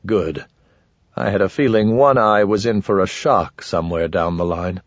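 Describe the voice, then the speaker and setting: A man narrating a story in the first person, with a measured, dry delivery, close to the mic. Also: low voice, no room sound, muffled recording. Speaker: audiobook narrator.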